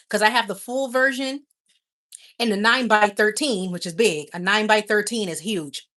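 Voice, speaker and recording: A woman hosts a casual livestream, chatting affectionately with her viewers and laughing often. Her voice is mid-range and a bit bright.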